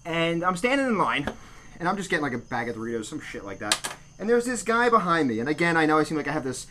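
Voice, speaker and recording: High-voiced man ranting crudely. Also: very animated, fast, noisy background. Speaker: podcast host. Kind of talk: casual podcast rant.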